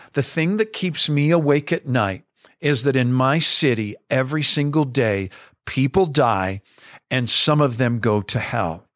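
A man's voice: mid-range voice, fairly bright tone, dry recording, clean studio sound. A middle-aged man, a pastor, speaking earnestly and emphatically to fellow pastors in a preacher's cadence. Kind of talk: podcast talk to fellow pastors.

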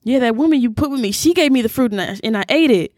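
Offhand excuse-making Adam, as a woman puts him on, brisk and dry. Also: fairly high pitch, expressive, a little mellow, no room sound. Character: Adam, a careless man shifting blame.

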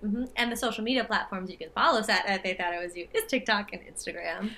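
A young woman co-hosting a podcast in casual chat, chatty and quick to laugh. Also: mid-range voice, vocal fry, bright, forceful tone. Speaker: podcast co-host.

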